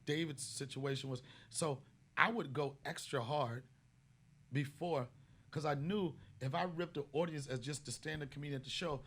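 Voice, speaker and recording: Male comedian host, husky voice, fairly high pitch, profane, animated storytelling with loud outbursts. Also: moderate pace. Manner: profane, animated, bursts into loud shouted bits.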